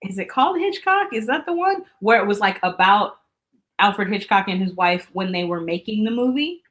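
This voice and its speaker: A woman's voice: medium pitch, lively intonation, normal speed, fairly bright tone. A woman guest on a podcast, chatting in a bubbly way with lots of filler words. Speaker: actress guest. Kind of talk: casual chat.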